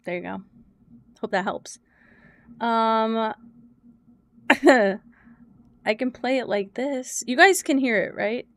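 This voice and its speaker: Woman streamer, casual live chat, exasperated, swears and laughs at herself, slightly high voice. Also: takes it slowly, long pauses, a bit bright. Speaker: game streamer.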